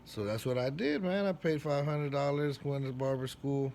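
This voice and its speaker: A man who works as a barber, casually telling a personal story in street slang, with profanity and lively acted-out quotes. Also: normal speed, gravelly, a little hiss or hum. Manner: animated, acts out quoted lines with big jumps in pitch and loudness.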